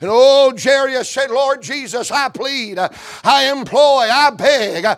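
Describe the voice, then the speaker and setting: A preacher with a strikingly high voice delivers his sermon slowly and deliberately. He builds fervent, rhythmic runs of phrases and breaks into shouts.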